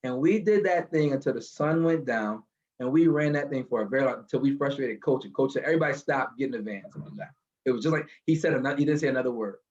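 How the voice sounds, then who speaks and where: A man telling a motivational story from his car, animated and building to a lesson, over a video call. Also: medium pitch, fast talker, dull audio. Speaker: guest speaker.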